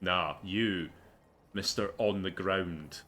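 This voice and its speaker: Slow sarcastic male streamer. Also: on the low side, animated, sharp tone, a little hiss or hum. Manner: sarcastic, joking, swears. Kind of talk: casual gameplay commentary.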